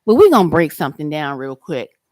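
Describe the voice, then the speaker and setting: A woman's voice: deep voice, sing-song, brisk, darkish tone, no echo, studio quality. A woman doing a reaction video, answering a man confrontationally, drawling and repeating words for emphasis. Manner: confrontational and mocking, talks straight at the person she answers. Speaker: YouTube commentator.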